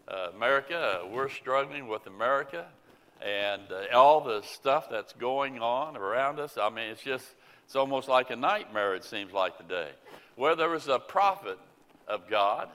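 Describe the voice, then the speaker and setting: Male pastor, sermon delivery, slow and earnest, reverberant hall. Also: mid-range voice, bright, forceful tone. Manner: slow, earnest preaching with rising pleas. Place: Indianapolis area.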